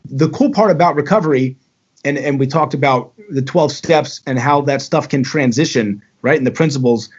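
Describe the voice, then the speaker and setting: A man tells his own story as a podcast guest, in easy, talkative chat. His voice sits at an ordinary middle pitch. The audio is dull and lo-fi. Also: normal speed, husky.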